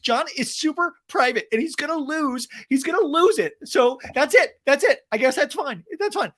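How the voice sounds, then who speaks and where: A man's voice: very high-pitched, lively intonation, moderate pace, fairly bright tone, pitched above the performer's own voice, exaggerated voice. A man voicing a flustered, panicky middle-aged woman who talks frantically and repeats herself.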